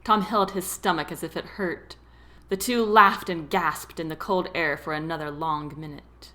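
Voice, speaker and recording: A woman narrating a romance novel as an audiobook, with expressive storytelling. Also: deep voice, normal speed. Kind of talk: scripted narration.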